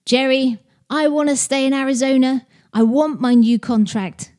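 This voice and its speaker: A woman's voice: high voice, normal speed, a little mellow, natural voice. A woman reading out the lines of a brash, fading male football star in her own plain voice, without putting on an accent. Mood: insistent.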